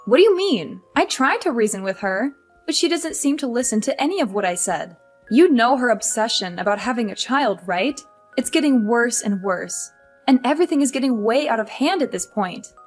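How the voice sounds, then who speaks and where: A woman's voice: fairly high pitch, expressive, moderate pace. An actress playing a frustrated young career wife who complains about her mother-in-law, over faint music. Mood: upset. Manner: upset, complaining.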